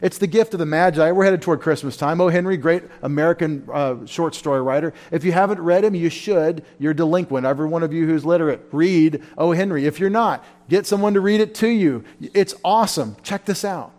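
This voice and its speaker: A man's voice: a little high, fairly quick, hardly any pauses. Fervent male preacher at a Bible study. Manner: fervent, emotional preaching with sudden loud rises. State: tired. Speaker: pastor.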